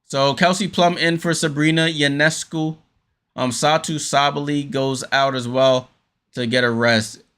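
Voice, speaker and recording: Speaking a little high and at a measured pace, this host's clean voice carries a relaxed fan watchalong. He describes the game play by play, uses frequent fillers, and erupts with sudden excitement on major plays.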